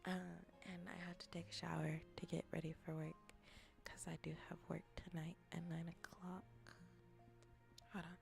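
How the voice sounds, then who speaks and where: A young woman streaming a casual chat as a VTuber and ASMR creator, rambling with restarts and often dropping into soft whispers. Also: on the low side, flat delivery, moderate pace, gravelly, music in the background.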